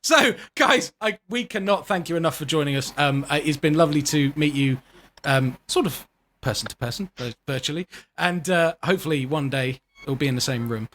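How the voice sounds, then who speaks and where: A man's voice: a little high, fairly quick, fairly bright tone, a little hiss or hum. A man hosting a casual podcast over a video call, laughing often and swearing casually as he chats with guests. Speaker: podcast host.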